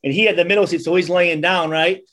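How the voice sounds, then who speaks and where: A man in his forties with a notably high voice, telling stories on a podcast. He is loose and animated and keeps dropping "dude." The talk is casual and easy. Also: fast talker. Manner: animated storyteller, calls listeners dude. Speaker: guest, former football player.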